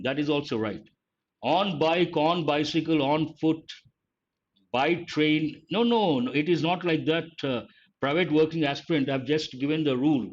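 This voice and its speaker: Older Indian man teaching grammar. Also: on the high side. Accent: Indian English. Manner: emphatic, repeats key phrases slowly for students. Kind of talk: online exam-prep lesson. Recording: slightly dull lo-fi audio.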